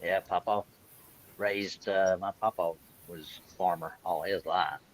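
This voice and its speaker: A man's voice: sits low, steady tone, a little slow, slight background noise, poor audio. A man, chatting casually with earthy exclamations and farm memories. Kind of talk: casual chat.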